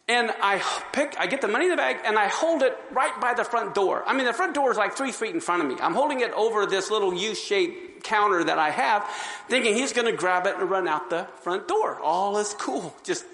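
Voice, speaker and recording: A man giving his testimony to an audience as an animated storyteller who acts out the scenes. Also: high voice, gravelly, in a large hall. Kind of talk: sermon-style testimony.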